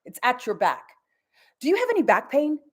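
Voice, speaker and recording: A woman's voice: sits high, huge pitch swings, fairly quick, slightly rough. Soothing woman giving psychic readings. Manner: soothing, calls caller sweetheart, guided meditation; swears casually. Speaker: psychic reader. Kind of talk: live-streamed energy reading.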